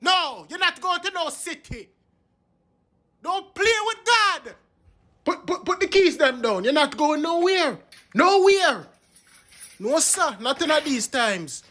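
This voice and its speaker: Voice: high voice, sing-song, slow pace, pauses often, bright, forceful tone, exaggerated voice. A performer playing an overprotective Jamaican parent who sternly and dramatically forbids a trip.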